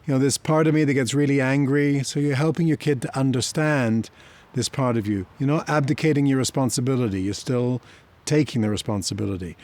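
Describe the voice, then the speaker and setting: A man's voice: medium pitch, a little mellow. Middle-aged male teacher, reflective and conversational, story-driven explainer. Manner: reflective, conversational, tells personal stories. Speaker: therapy teacher. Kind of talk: explanatory talk to camera.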